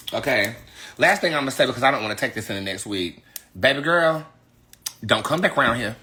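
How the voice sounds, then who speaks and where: Woman tarot reader, blunt livestream rant, lively swooping pitch, bright tone. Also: moderate pace, pauses often, slight background noise. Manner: blunt, cussing, emphatic.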